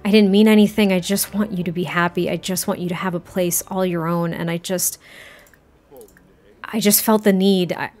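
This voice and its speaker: A woman's voice: on the low side, steady tone, lightly acted. A woman voicing Kingston, a devoted and tender young man who talks earnestly and stumbles over his words. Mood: pleading. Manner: soft, earnest, halting with restarts. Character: tender adult man, devoted loving partner.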